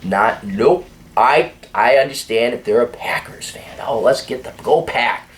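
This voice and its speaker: A man's voice: mid-range voice, a little slow. A man hosting a casual opinion monologue in a blunt, crude and sardonic way. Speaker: host.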